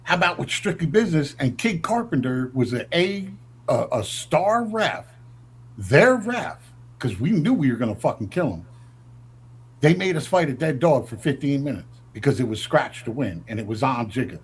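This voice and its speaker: Swaggering husky-voiced man telling stories. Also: medium pitch, sing-song, moderate pace. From northern United States. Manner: brash, swaggering, acts out quotes in raised voice. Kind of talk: profane storytelling.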